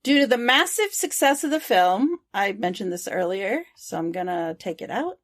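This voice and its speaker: A woman's voice: medium pitch, very animated, moderate pace. A woman co-hosting a podcast, reading prepared trivia and chatting loosely. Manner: reads prepared trivia, then chats loosely. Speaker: podcast co-host. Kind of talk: reading notes and casual chat.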